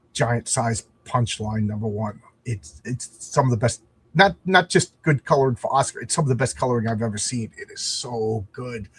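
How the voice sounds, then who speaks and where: A man's voice: medium pitch, breathy edge. A man hosting a casual livestream, chatting in a rambling, self-deprecating way with frequent restarts. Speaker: comic book creator and livestream host.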